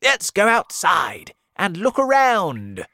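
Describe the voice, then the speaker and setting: A man's voice: high voice, huge pitch swings, slow, pushed and bright, no echo, voice pushed up, exaggerated voice. A man voicing an old green grasshopper in a storybook reading, cheerful and reassuring. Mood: hopeful.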